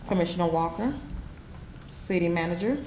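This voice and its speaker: A woman, the city clerk, briskly calling the roll at a meeting. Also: on the low side, darkish tone. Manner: brisk, reads names in a list. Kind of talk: roll call. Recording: distant, echoey and noisy.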